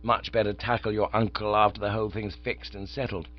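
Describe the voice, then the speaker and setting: A man's voice: fairly low pitch, little pitch movement, brisk, natural voice. A man voicing a breezy, easily flustered young upper-class idler who sounds exasperated, in a dull, dry recording.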